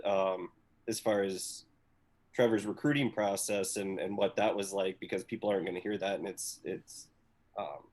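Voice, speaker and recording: Low-voiced man, hesitant co-host. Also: a little mellow. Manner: hesitant, lots of ums. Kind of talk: casual podcast chat.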